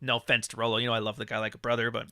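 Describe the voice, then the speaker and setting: A man hosting a live podcast, ranting with profanity and mocking others in high put-on voices. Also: monotone, rapid-fire, pushed and bright, smooth, no echo, clean studio sound. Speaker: podcast host. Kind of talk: livestream podcast rant.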